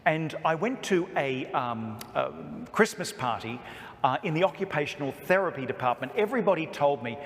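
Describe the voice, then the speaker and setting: A priest from Australia giving an emphatic talk to a parish, with humor and stories woven in. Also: male voice, a little high, expressive, moderate pace. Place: church. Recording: echoey church hall reverb.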